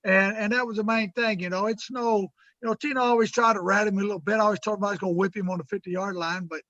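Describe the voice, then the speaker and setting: A middle-aged man from Texas, a high school football coach talking in a rambling, folksy, heartfelt way over a video call. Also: steady tone, fast talker, sharp tone, no room sound, lo-fi sound. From West Texas. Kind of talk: casual remote interview.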